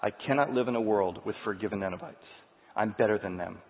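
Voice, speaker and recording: A man preaching voices the prophet Jonah as a sulking, self-righteous grown man who rants in a shrill, indignant way. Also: fast, lightly acted. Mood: sulky. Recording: tinny sound, long hall reverb.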